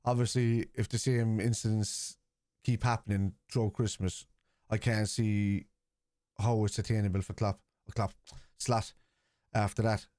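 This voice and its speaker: A man's voice: fairly low pitch, little pitch movement, a little slow, mellow, no echo, clean studio sound. Chatty man streaming a football watchalong. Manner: chatty, answers viewers' comments aloud. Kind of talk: casual live commentary, reading chat.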